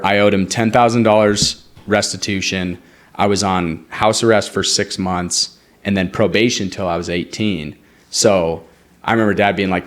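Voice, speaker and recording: A young man with a somewhat low voice, talking as a podcast guest. He tells a long personal story in a loose, chatty way. He drops his voice to act out the people he quotes. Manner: animated, acts out quoted dialogue, frequent "like". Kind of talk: casual storytelling.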